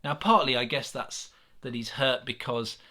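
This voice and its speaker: A man with an English accent giving a gentle, earnest sermon reflection, with many pauses and restarts. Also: medium pitch. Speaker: church minister.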